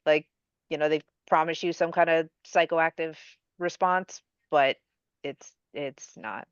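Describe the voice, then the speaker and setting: A woman's voice: low voice, clean tone, no room sound. A woman on a podcast, discussing and explaining things skeptically. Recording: slightly dull lo-fi audio.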